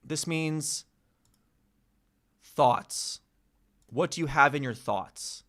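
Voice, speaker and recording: A young man talks to himself in a casual study session, with a bright, forward tone. He drawls at an unhurried pace, stopping often to sound out unfamiliar words slowly and to correct himself mid-thought. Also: a little high. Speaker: vlogger learning a language.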